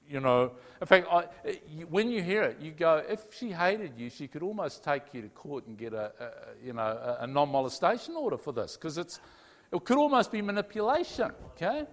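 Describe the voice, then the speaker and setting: A man tells a personal story to a roomful of listeners. His voice sits a little high for a man. He acts out each side of the conversations with lively swings in his voice. Long reverb hangs after his words in a large hall. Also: a little fast. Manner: animated storyteller, acts out his own and God's replies in dialogue. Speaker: speaker sharing a personal story. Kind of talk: testimony talk to a live audience.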